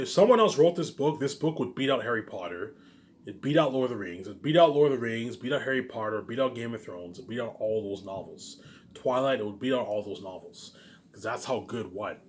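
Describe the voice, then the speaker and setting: A man vlogging from home in a rambling, boastful monologue, often repeating himself and restarting. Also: mid-range voice. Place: home, noise upstairs.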